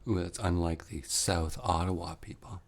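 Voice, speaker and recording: A man's voice: low-pitched, fairly even intonation, normal speed. A man hosting a podcast in casual chat, with dry, teasing asides. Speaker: podcast host.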